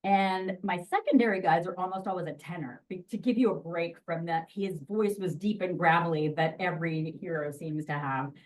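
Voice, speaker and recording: A woman narrator talks to a room about her craft in a lively, chatty way, her voice sitting a little low. She is picked up from a distance, so the sound is somewhat removed. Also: moderate pace, few pauses. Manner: lively, chatty, jumps into voice demos. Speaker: audiobook narrator. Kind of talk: presentation to an audience.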